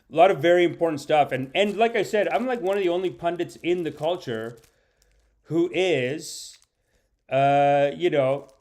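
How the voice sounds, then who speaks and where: A man's voice: fairly high pitch, a little mellow. A man hosting a comedic live-stream podcast, rambling and ironically boastful as he chats with viewers and reads their names.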